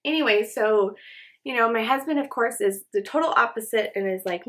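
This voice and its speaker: A woman's voice: mid-range voice, moderate pace. A young woman chatting casually while doing her makeup, rambling with lots of fillers like "um" and "you know.". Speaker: beauty vlogger. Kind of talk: casual get-ready-with-me chat. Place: home, indoors.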